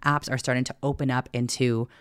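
A woman's voice: very deep voice, little pitch movement, brisk, clear, resonant tone, dry recording. A woman who is a personal finance guest on a casual podcast, talking in a candid, chatty way and swearing now and then.

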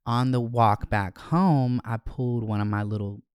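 A young man hosts a podcast and tells stories from his childhood, swearing freely and joking as he goes. His voice is smooth and resonant. The sound is close and dry, with no room echo. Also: medium pitch, fairly even intonation, unhurried, darkish tone. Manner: candid, profane, joking. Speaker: podcast host. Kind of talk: casual storytelling.

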